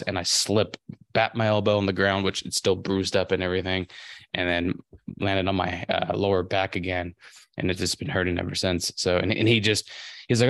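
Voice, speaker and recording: A young man from California co-hosts a podcast, winding through long stories full of restarts and curse words. His voice is fairly low. The recording is dry and close. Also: little pitch movement, fairly quick, a bit bright, no room sound. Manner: rambling storyteller, heavy swearing. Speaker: podcast co-host. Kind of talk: casual podcast chat.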